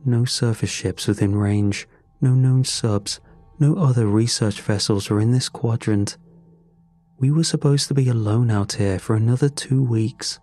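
A man narrating a first-person horror story in a measured, grim way. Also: lowish voice, darkish tone, dry recording.

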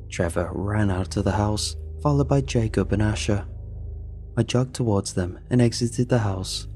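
A man reading a first-person story in a steady, dry narrating manner. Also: fairly low pitch, moderate pace, faint music behind.

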